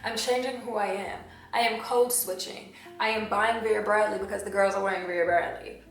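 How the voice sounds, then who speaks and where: A woman's voice: mid-range voice, normal speed. A young woman from Washington, D.C. sharing a candid, emotional personal testimony in a confessional way. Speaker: vlogger sharing her testimony. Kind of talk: personal testimony, talking to camera. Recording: very echoey room, voice away from the mic, faint music.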